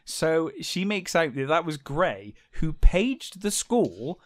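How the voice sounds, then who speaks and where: A man with an English accent, co-hosting a casual podcast and recapping a book with quick jokey asides. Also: on the high side, very animated. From England. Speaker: podcast co-host.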